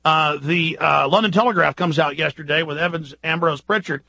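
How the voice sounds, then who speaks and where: A man hosting a radio talk show, delivering an urgent, ranting political monologue full of rapid-fire rhetorical questions. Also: fairly high pitch, fairly even intonation, creaky, pushed and bright, no echo, lo-fi sound. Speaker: radio host.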